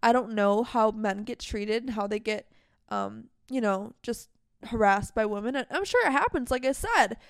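A woman's voice: fairly high pitch, sing-song, smooth, no room sound, studio quality. A young woman hosting a podcast, talking heatedly and candidly in a casual monologue full of "like". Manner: heated, fast and emphatic, heavy use of "like". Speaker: podcast host.

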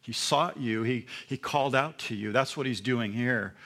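A man's voice: medium pitch, moderate pace, fairly bright tone. A man preaching a sermon in a church, emphatic and asking the congregation questions. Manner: emphatic, with call-and-response questions. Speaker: pastor.

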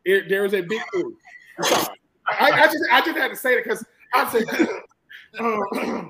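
A man from Georgia with a Southern American accent, a former college football player talking football as a guest in an animated, emphatic way and often repeating himself. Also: high voice, measured pace, rough recording. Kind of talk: casual sports talk.

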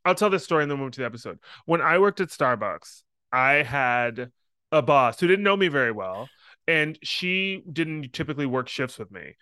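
Brief: young male podcast co-host, lively storyteller, bright tone, dry close mic. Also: medium pitch, normal speed, clean tone, no echo. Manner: animated storyteller, acts out voices, laughs often. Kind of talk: casual chat.

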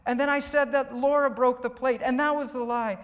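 A jittery cartoon asparagus boy in a raised, squeaky voice, put on by a man. He sounds worked up and earnest. The voice rings out in a hall with a long tail of reverb. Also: fairly even intonation, brisk, a bit bright. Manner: high, worked-up confessing.

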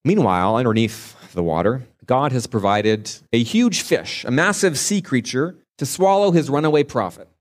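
A male preacher delivers a sermon as a vivid story. He shifts his pace often to build the scene in a mid-range voice. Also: mid-range voice.

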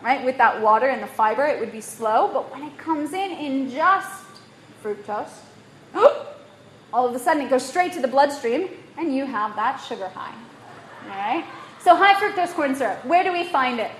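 A woman with a non-native accent giving a lively lecture to a live audience, quizzing them and often asking "right?". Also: high-pitched, normal speed. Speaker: workshop presenter. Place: room in Bali. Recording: echoey room, faint room noise.

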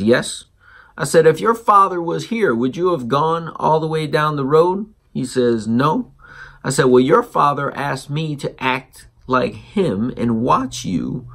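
Man, host, gravelly, animated storyteller, acts out dialogue. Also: mid-range voice. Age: adult parent. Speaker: podcast host. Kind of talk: storytelling monologue.

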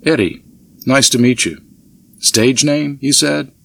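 A man's voice: mid-range voice, takes it slowly, creaky, a bit bright, pitched above the performer's own voice, heavily acted. A man doing a polite young traveler. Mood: curious.

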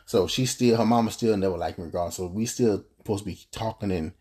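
Brief: young man, low husky voice, mellow, earnest rambling personal story. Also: quick pace. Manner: earnest, rambling, with frequent restarts and fillers. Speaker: podcast host telling his story.

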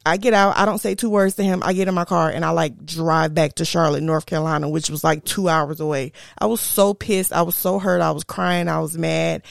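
A young woman hosting a podcast, telling a personal story in a chatty, animated way and talking straight to her listeners. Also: fairly low pitch, creaky, no echo, studio quality. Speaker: podcast host. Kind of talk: casual storytelling.

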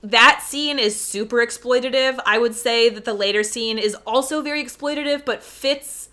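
A woman with a fairly high, very bright voice chats animatedly on a podcast over a video call. She reacts quickly and talks in loose, casual runs. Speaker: podcast co-host. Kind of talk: casual chat.

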